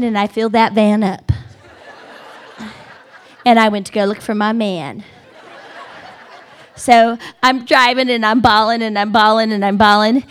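A middle-aged woman telling a funny personal story to a live audience, animated and dramatic, building tension with repeated phrases. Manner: animated, dramatic, repetitive build-up with wailing high quotes. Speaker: speaker at a women's gathering.

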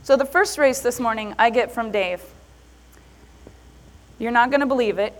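A middle-aged woman giving a motivational talk to a live audience, telling an animated story and acting out the messages she got. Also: a little high, moderate pace. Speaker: motivational speaker.

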